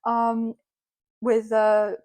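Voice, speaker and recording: High-pitched woman doing a tarot reading for her channel, gushy and emotional, lots of ums. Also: completely flat delivery, extremely slow, dark tone. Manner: effusive and emotional, exclaiming often; rambling, with many fillers. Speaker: tarot reader. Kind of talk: spontaneous tarot reading to camera.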